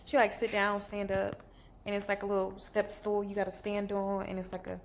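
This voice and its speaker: A woman telling a storytime vlog from a hospital bed after surgery, animated and exasperated, in pain. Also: medium pitch, a little fast, a little hiss or hum. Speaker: vlogger.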